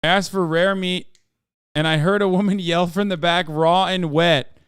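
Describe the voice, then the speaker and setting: A man hosting a livestream in casual chat, reading viewer posts aloud in an offhand, sarcastic way with loud outbursts. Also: high voice, steady tone, normal speed, clear, resonant tone, dry recording, studio quality. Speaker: livestream host.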